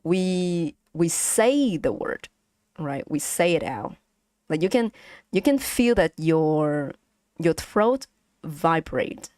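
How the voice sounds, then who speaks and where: A woman's voice: low voice, animated, slow, darkish tone, dry recording, studio quality. A woman with a Vietnamese accent teaching pronunciation on a casual live stream, patiently repeating sounds for her chat.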